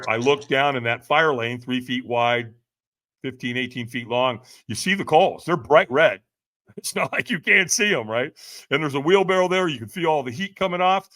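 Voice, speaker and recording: A man's voice: medium pitch, normal speed, bright, forceful tone, no room sound. A man, a podcast guest, telling a dramatic story, acting out quotes and often checking in with "right?". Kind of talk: animated storytelling.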